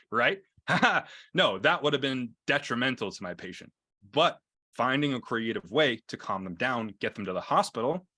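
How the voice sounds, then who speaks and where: Man, EMT instructor, casual halting lecture, frequent restarts, bright tone, dry close sound. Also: medium pitch, dry recording. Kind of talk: lecture with anecdotes.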